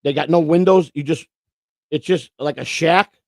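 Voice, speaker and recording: A man's voice: a little high, normal speed, no room sound. A man from Florida co-hosting a casual livestream, telling long rambling stories and swearing freely. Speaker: co-host.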